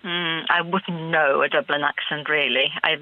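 A woman's voice: low voice, steady tone, normal speed, dry recording. A woman in her seventies calling into a radio phone-in. She talks hesitantly, searches for words and laughs often. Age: 70s. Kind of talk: phone-in conversation. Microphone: telephone. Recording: muffled phone line.

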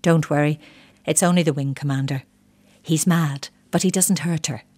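A woman voicing a calm, matter-of-fact neighbour, a woman who reassures a worried stranger. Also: low-pitched, normal speed. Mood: reassuring.

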